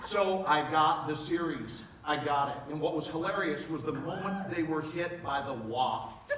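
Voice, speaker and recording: A man in his sixties giving a live motivational talk, telling comic stories in a playful, animated way with bursts of emphasis. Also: fairly high pitch, moderate pace. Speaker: motivational speaker. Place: large event hall before a live audience. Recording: echoey hall, from far off, with noise.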